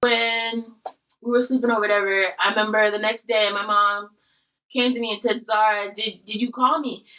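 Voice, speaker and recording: A woman's voice: mid-range voice, fairly even intonation, moderate pace, sharp tone, far from the mic, rough recording. A woman hosting a casual eating video, animatedly telling a story. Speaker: host.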